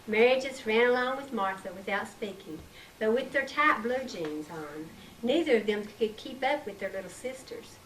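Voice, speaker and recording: Lady reading a storybook, kinda high voice, far from the mic, bit of hiss. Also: expressive, moderate pace, fairly bright tone. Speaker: author reading her book. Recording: distant mic, faint hiss, 1990s tape.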